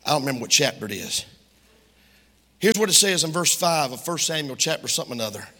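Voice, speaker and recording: A man preaching, his high, bright voice swinging wildly in pitch. He talks in a folksy, joking way and then breaks into shouting. It is husky and rings with long reverb in a church sanctuary. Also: animated, quick pace. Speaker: Baptist preacher. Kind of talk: lively sermon.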